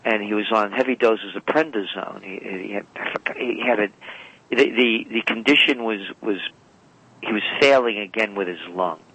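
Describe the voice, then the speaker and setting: Bright-voiced man telling rambling stories. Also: on the low side, normal speed, poor audio. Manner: rambling, self-correcting anecdotes. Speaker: guest. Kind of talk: storytelling interview talk. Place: radio call-in or studio.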